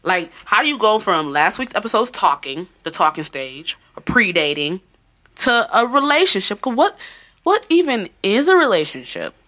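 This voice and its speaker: A woman's voice: medium pitch, big pitch swings, normal speed, pushed and bright. A woman hosting a casual podcast, talking loosely, swearing and laughing often. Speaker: podcast host.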